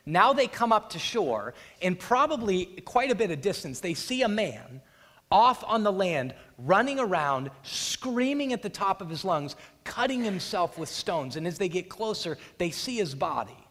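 A man's voice: high voice, sing-song, normal speed, a bit bright. A man preaching a sermon, retelling a scripture scene with drama and acting out the voices of its people. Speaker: pastor. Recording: long hall reverb.

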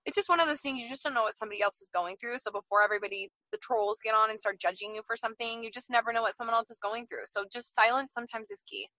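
A woman chats openly from inside her parked car, her voice bright and a touch high. She often restarts a thought with repeated words. The sound is muffled and lo-fi, dry with no room echo. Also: rapid-fire, hardly any pauses. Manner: candid, repeats words when starting a thought. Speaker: guest. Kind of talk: casual chat.

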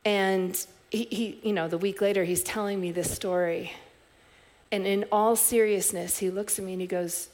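A middle-aged woman preaching a sermon as a pastor, telling stories in a reflective way with soft restarts. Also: medium pitch, fairly even intonation, normal speed.

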